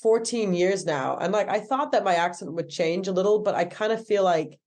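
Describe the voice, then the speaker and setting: A woman's voice: mid-range voice, expressive, fairly quick, darkish tone. A woman in her thirties with an American accent, a stand-up comedian chatting casually in an interview, full of "like"s and self-corrections. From England. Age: 30s.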